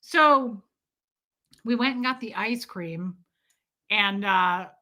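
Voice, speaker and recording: Woman, young adult, livestreamer, casual storytelling, animated, acts out quotes, bright tone. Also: medium pitch, takes it slowly.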